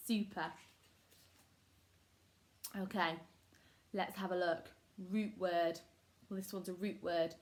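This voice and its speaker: A woman's voice: on the low side, steady tone, takes it slowly, long pauses, darkish tone. A woman teaching a phonics lesson to young children, upbeat and encouraging, sounding words out syllable by syllable. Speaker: primary school teacher.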